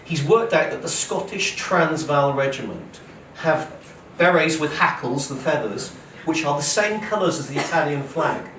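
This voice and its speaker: A man, an author giving a lively storytelling lecture, acting out quoted speech and often checking in with "okay?" and "right?". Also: a little high, moderate pace, hardly any pauses. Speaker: author giving a public talk. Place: lecture hall at a museum. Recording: roomy hall, voice from a distance, faint noise.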